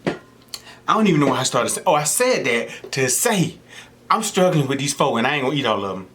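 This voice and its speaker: This young mukbang host speaks at medium pitch and a little fast, chatting casually over his meal. He spins lively anecdotes, putting on voices for whoever he's quoting.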